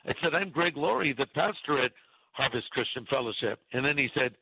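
Pastor telling a story over a tinny line. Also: male voice, medium pitch, a little fast, gravelly, husky, no echo. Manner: animated storyteller, acts out voices in his anecdote. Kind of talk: radio interview storytelling. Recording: tinny phone-line radio sound.

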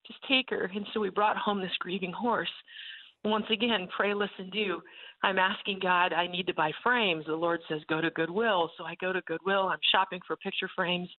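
A woman's voice: lowish voice, moderate pace. Tinny-sounding woman telling a faith story. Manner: animated, acts out the voices in her story. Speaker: ranch ministry leader and speaker.

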